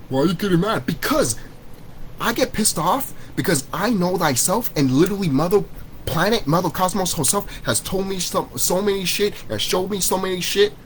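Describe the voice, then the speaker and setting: Ranting heatedly at his vlog viewers, a man swears often and keeps repeating himself in a profane spiritual tirade to the camera. His voice sits high with lively intonation at a moderate pace. The recording is rough, carrying a little hiss or hum.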